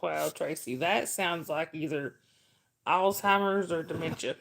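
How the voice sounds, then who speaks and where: Middle-aged woman chatting on her stream, kinda croaky fry in her voice, rambles on and calls out chat names. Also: deep voice, measured pace, fairly bright tone. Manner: rambling storyteller who reads chat names aloud. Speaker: livestream host reading chat. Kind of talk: casual livestream chat.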